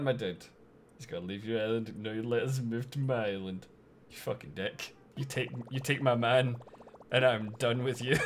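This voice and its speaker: A young Scottish man streaming a game, loud and sweary, with bursts of playful mock outrage. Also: medium pitch, moderate pace, soft background music. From Scotland. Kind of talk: casual live-stream commentary.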